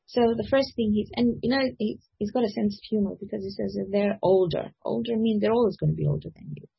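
A middle-aged woman giving a Quran commentary lecture, reciting verses quickly and then explaining them slowly in English. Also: medium pitch, gravelly, slightly rough, dull audio. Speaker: religious teacher.

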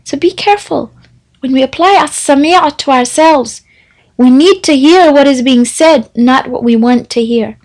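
High-voiced woman giving a religious talk. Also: moderate pace, a little mellow, rough recording.

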